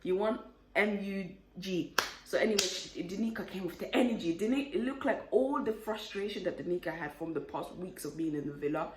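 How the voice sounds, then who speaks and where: A woman vlogging in a casual, opinionated way, her voice pitched right in the middle for a woman. She turns animated and indignant when she gets worked up. The room around her is noticeably echoey. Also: fairly quick, very noisy. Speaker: vlogger recapping a reality show. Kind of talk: casual chatty recap rant.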